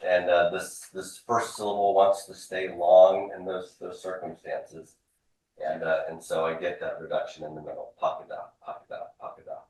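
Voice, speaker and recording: A man with a somewhat low voice teaches a class, explaining step by step and drilling forms aloud. He is heard from across a very echoey room. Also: flat delivery, normal speed, darkish tone, recorded from a distance, slight background noise. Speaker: Hebrew instructor. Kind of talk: classroom lecture.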